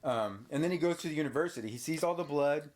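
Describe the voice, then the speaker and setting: A man's voice: on the high side, fast. A man hosting a casual podcast, animatedly retelling a horror movie to a child and acting out bits of it. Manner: animated retelling, acts out characters with yelps. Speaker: podcast host.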